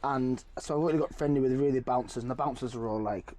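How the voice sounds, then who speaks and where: A young man, a guest telling animated stories in casual chat and saying yeah over and over. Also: medium pitch, quick pace, slight background noise. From Cumbria, England. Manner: animated storytelling, lots of yeah yeah yeah. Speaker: guest, actor and singer.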